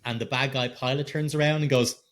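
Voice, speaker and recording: A man's voice: mid-range voice, steady tone, brisk, fairly bright tone. A middle-aged man co-hosting a podcast in casual film chat, exasperated and swearing freely. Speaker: podcast co-host.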